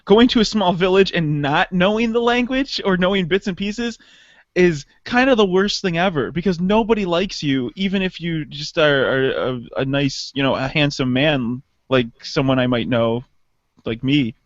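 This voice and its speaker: A man co-hosting a casual podcast, telling travel stories with lively pitch jumps and mimicked voices. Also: moderate pace, no room sound, muffled recording. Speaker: podcast co-host. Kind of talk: casual chat.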